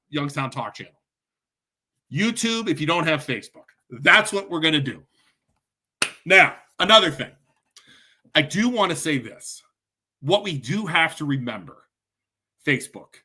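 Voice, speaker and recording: Furious ranting man, high bright voice. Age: adult, parent. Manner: furious, ranting, punchy repetition. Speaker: podcast host. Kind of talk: angry monologue to camera.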